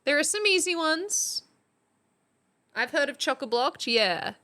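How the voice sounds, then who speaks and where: A woman's voice: high voice, very animated, a little slow, bright, forceful tone. An Australian woman chatting casually on a live stream, quizzing her chat like a teacher. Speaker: substitute streamer.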